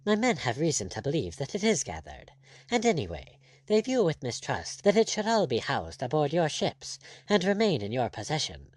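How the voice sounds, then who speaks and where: Bold, ironic buccaneer captain, blunt and firm; read by a male narrator. Animated, dry recording. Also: on the high side, moderate pace, no echo.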